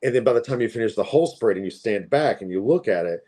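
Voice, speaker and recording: A man's voice: lowish voice, expressive, fast, warm tone. A man in his forties from Appalachia, a tarot reader telling stories in a chatty, rambling way. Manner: chatty, rambling, with frequent fillers. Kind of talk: casual storytelling.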